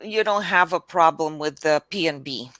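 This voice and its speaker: A woman tutoring English on a video call, patient and encouraging, enunciating words slowly and carefully. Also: low-pitched, a bit bright, no echo. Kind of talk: online one-on-one language lesson.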